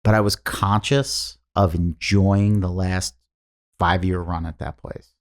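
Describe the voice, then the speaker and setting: Deep-voiced male comedian telling stories. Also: takes it slowly. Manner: rambling, animated storyteller, laughs mid-story. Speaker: stand-up comedian guest. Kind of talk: casual storytelling.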